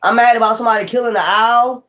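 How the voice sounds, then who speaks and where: Male tarot streamer with a high voice, delivering a profane, confrontational rant full of repetition. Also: steady tone, fast talker, bright, forceful tone. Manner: profane, confrontational, repeats himself. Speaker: tarot reader. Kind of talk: livestream rant.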